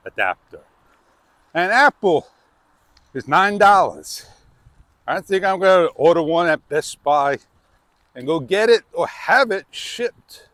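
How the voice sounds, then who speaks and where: A man with a high, lively voice rambles through a casual outdoor vlog, taking his time and often tossing in an exclamatory "man". The sound is close and dry, caught on a wireless clip-on mic. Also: no room sound. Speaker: vlogger.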